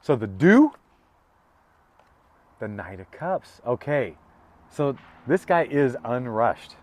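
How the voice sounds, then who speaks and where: A man's voice: medium pitch, big pitch swings, slow. A middle-aged man giving a casual, heartfelt tarot reading that wanders through stories, with many stops and restarts. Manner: rambling, emotional, with many restarts and self-interruptions. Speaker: tarot reader.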